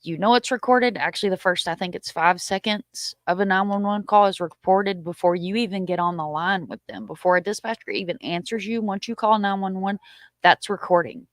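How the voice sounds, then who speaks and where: A livestream host chats casually with viewers, reading their comments aloud and answering them, often agreeing with short repeated words and giving blunt opinions. The voice is mid-range, a little fast and a bit bright. The recording is studio quality with no room sound.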